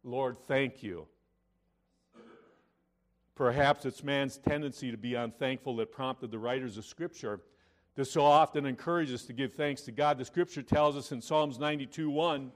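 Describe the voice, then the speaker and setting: A pastor preaching a sermon, reading scripture aloud and moving between loud emphatic lines and quiet, intimate asides. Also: male voice, fairly high pitch, animated, moderate pace. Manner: reads scripture in King James wording.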